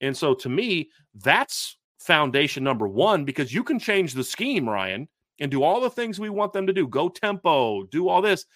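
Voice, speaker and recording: A man's fairly high, sing-song voice moves at a moderate pace with hardly any pauses and a slightly bright edge as he hosts a sports podcast. He works through football questions emphatically and repetitively, frequently restarting. The audio is dry and studio quality.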